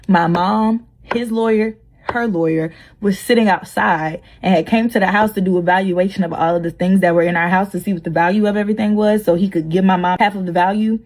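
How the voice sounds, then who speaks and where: A young woman telling a story in casual chat, blunt and animated, acting out what people said. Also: mid-range voice, a little hiss or hum. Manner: animated, blunt, acts out quotes.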